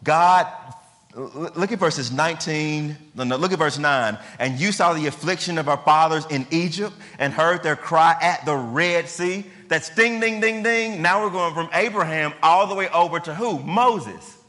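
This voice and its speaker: A man's voice: a little high, normal speed, sharp tone. A man preaching a sermon, emphatic and conversational, asking his listeners questions. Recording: long hall reverb.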